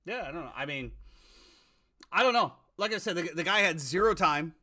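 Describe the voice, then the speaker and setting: A man's voice: fairly high pitch, expressive, fairly quick, pushed and bright. A man hosting a casual sports talk podcast, ranting with plenty of profanity. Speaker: podcast host.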